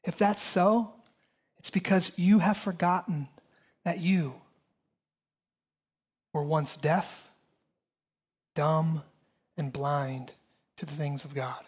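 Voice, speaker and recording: A pastor preaching a sermon with emphatic, repetitive, building cadences. The voice swings between raised intensity and hushed, near-whispered passages. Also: mid-range voice, unhurried, pauses often, breathy edge.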